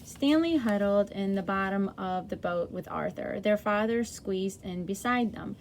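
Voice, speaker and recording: A woman's voice: medium pitch, measured pace, a little hiss or hum. A woman reading a chapter book aloud to children in a friendly way, with small slips and self-corrections.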